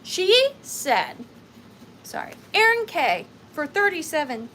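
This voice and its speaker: A woman in her thirties with a Southern US accent, hosting a live vintage sale in a chatty, upbeat way with high squeals. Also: sing-song, takes it slowly, pushed and bright, a little hiss or hum, low-quality recording. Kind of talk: casual live-stream selling chat.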